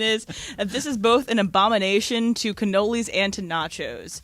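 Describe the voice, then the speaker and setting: A woman co-hosting a sports radio show, leading segments in jokey, animated studio banter. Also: mid-range voice, normal speed.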